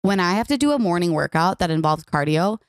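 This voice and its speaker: A young woman co-hosting a podcast, talking in a relaxed, candid way full of casual fillers. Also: lowish voice, quick pace, dry recording, clean studio sound. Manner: relaxed, candid, frequent likes. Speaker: podcast co-host. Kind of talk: casual chat.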